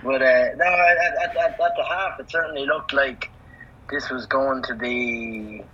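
A man co-hosting a sports podcast as the analyst, thinking aloud in halting bursts full of restarts. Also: mid-range voice, steady tone, pushed and bright, muffled recording, slight background noise. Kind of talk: sports talk podcast chat.

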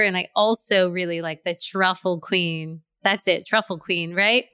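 Bright, dry-sounding woman host. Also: lowish voice, steady tone, measured pace, smooth, dry recording. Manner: enthusiastic, promotes a sponsor code. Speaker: podcast host. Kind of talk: casual podcast interview.

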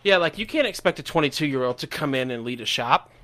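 A man's voice: fairly high pitch, animated, fast, a bit bright. A man, a former enlisted sailor on a podcast, talking in a frank, profane and opinionated way. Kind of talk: casual chat.

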